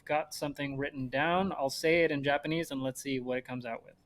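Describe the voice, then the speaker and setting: A man's voice: fairly high pitch, fairly even intonation, fairly quick. Enthusiastic man hosting a chat podcast. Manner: enthusiastic, explains tech. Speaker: podcast host. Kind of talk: casual chat.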